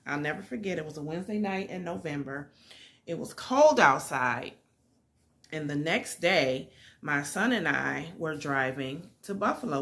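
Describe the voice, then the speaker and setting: Middle-aged woman, storytime vlogger, low-pitched yet bright, animated and emphatic. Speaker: vlogger telling a personal story. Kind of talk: casual storytime.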